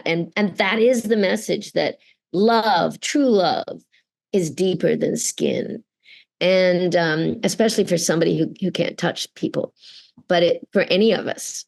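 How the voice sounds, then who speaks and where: A woman's voice: lowish voice, gravelly, darkish tone. A middle-aged woman from Canada speaking earnestly and expressively in an interview, acting out the people she quotes. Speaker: voice actor guest. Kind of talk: interview conversation.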